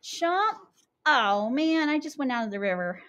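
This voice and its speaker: A young woman teaching young children, animated and sing-song as she chants rhymes and talks through each step. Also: high-pitched, unhurried. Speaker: kindergarten teacher.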